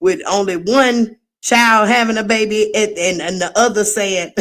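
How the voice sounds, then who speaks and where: Middle-aged woman, livestream host, casual unhurried chat, playful and quick to laugh at herself. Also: medium pitch, steady tone, fairly bright tone. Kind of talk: casual chat reacting to viewer comments.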